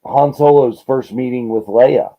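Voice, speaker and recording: A man's voice: mid-range voice, unhurried, dark tone, rough recording. A man hosting a casual movie watch-along chat, talking in a wry, joking way. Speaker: show host.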